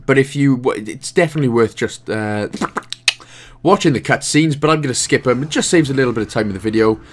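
A man's voice: medium pitch, quick pace. A Welsh man hosting a game walkthrough, chatting casually with jokey asides while explaining the controls. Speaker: gaming guide host.

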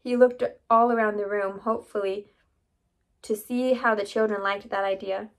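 A woman reading a children's chapter book aloud in a steady storytelling way. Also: mid-range voice, normal speed. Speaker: reader.

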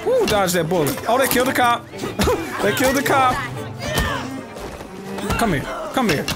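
A man commentating his own gameplay, excitable and profane, often yelling at the game. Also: extremely high pitch, moderate pace, over loud music. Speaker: let's play host.

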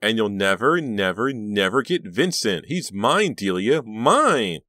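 Shrieking hoarse teen girl going hysterical, deep-voiced guy putting her on, dry close sound. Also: sing-song, slow, bright, forceful tone, no echo, full character voice. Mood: sobbing rage. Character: furious hysterical teenage girl rival.

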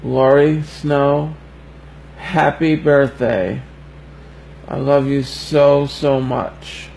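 Young man, slow and gravelly, halting and teary, livestream birthday message, faint background noise. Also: mid-range voice, fairly even intonation, darkish tone, rough recording. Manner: slow, halting and heartfelt, fighting back tears.

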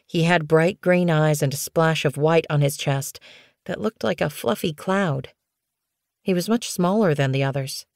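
A woman with a low voice reads a storybook aloud in an even, clear way. The sound is close and very dry, as in a studio booth. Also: unhurried, dry recording. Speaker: audiobook narrator. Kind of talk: scripted storybook narration.

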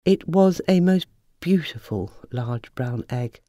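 Lively storyteller reading a children's tale. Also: mid-range voice, takes it slowly, no echo, studio quality. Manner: lively, expressive storybook narration.

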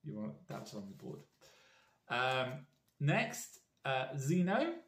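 A British man speaks at a middle pitch in an earnest, rambling way, often restarting his sentences. He delivers a heartfelt message to people he admires. His voice carries a noticeable echo from the room. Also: sing-song, slow, fairly bright tone. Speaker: fan vlogger. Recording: roomy echo.

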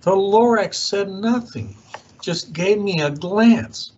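A man reading a rhyming children's storybook aloud with an expressive, swooping delivery. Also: high-pitched, slow pace, breathy edge, lo-fi sound. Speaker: youth organization director.

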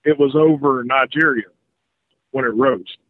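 A man's voice: mid-range voice, unhurried, no room sound. A man from North Carolina calling into a radio show, telling a rambling story with many hesitations. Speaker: caller. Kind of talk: phone call-in conversation. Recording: tinny dry phone line.

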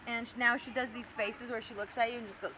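A woman's voice: on the high side, quick pace. A young woman vlogging at home, chatting about and cooing at her baby and laughing often. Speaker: vlogger, mother. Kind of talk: casual family vlog chat. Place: family home indoors. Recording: home video with steady background noise.

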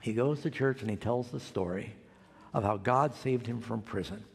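A man's voice: medium pitch, moderate pace, creaky, slightly rough, in a large hall. An older man preaching a sermon as pastor, telling a story and acting out the quoted voices.

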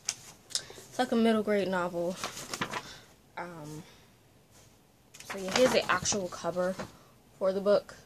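A woman chats casually into a phone on a tripod in her bedroom, rambling through a book review with plenty of fillers. Her pitch sits in the middle range for a woman. Faint room noise hangs behind her. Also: takes it slowly, long pauses. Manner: rambling, animated, many fillers. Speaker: book vlogger. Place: bedroom at home. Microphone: phone on a selfie-stick tripod.

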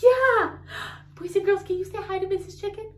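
A woman's voice: extremely high pitch, moderate pace, distant mic. A woman teaching toddlers in a sing-song, coaxing way, asking the children questions and imitating animal sounds. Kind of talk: toddler learning video. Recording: echoey room, voice off-mic.

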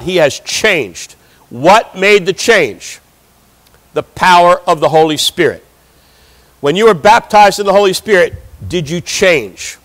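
A man's voice: sits high, fairly bright tone. A man preaching a sermon, who reads scripture aloud and then explains it with rising emphasis. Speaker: pastor. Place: church sanctuary.

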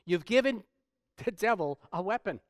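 A man pastor preaching a sermon, swinging from quiet stretches to loud, emphatic preaching. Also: sits high, animated, moderate pace, no echo, studio quality.

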